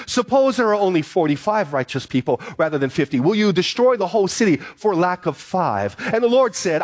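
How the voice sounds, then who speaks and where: A man preaching a sermon as pastor, reading scripture aloud and then driving points home with emphatic repetition. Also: sits high.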